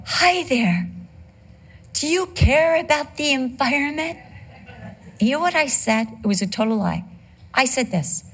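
Female preacher, middle-aged, chatty sermon delivery with playful asides. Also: medium pitch. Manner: conversational, tells humorous personal anecdotes.

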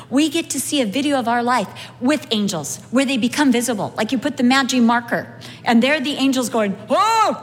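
Animated woman preacher in a reverberant hall. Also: high voice. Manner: animated, humorous storytelling. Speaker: speaker sharing a testimony. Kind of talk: sermon with personal storytelling.

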